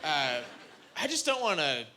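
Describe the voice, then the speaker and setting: A young man performing a stand-up set, telling a story with animated, high-jumping quoted voices. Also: a little slow. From Canada. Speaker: stand-up comedian. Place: comedy club stage. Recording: live club recording, audible room noise.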